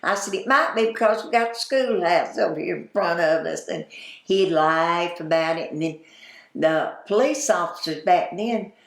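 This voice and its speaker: A woman's voice: on the low side, normal speed, vocal fry, reverberant. An older woman with a Southern US accent, telling folksy stories in an oral history interview and laughing as she goes. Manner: folksy, chatty, laughs while telling anecdotes. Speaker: interviewee, former store owner.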